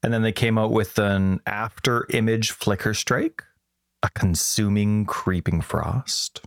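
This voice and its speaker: A man co-hosts a podcast with a somewhat low voice. He rambles and jokes his way through casual chat. The recording is dry, with no room sound. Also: slow pace, creaky, no echo. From Canada. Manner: rambling, joking storyteller. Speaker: podcast co-host.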